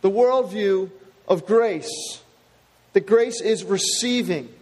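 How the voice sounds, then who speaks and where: Male pastor, high voice, emphatic sermon delivery; sanctuary reverb. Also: slow, darkish tone. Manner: emphatic, repeats key phrases.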